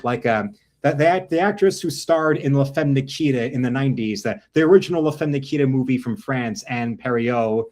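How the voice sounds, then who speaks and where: A man's voice: medium pitch, a little fast, a little mellow. Rambling man commenting on films. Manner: rambling, self-correcting.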